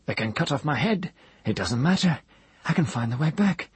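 A man voicing a broken former wizard, a maimed man who speaks in a soft, hoarse voice in halting, stammering bursts. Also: fairly high pitch, lively intonation, no echo, voice pushed up. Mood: cunning.

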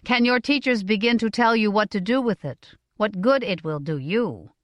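A woman voicing a stern, measured middle-aged merchant father in an audiobook, speaking in an earnest, deliberate way. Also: medium pitch, expressive, no echo, clean studio sound, lightly acted. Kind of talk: audiobook character voice.

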